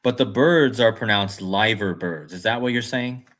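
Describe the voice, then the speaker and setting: A man's voice: lowish voice, normal speed, fairly bright tone. Man musing aloud on a livestream. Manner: rambling, musing aloud, reads chat comments. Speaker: livestream host. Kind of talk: casual livestream talk.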